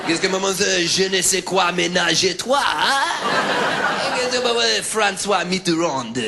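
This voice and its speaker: A man voicing an excitable Frenchman, spouting exaggerated sing-song mock-French gibberish. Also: high-pitched, rapid-fire, over a noisy crowd, very noisy, pitched above the performer's own voice.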